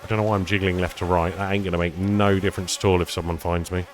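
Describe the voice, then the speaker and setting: Chatting casually with viewers as he plays a survival game, a male streamer talks fast in a low, level voice, with slight background noise behind him. His commentary is rambling and self-deprecating.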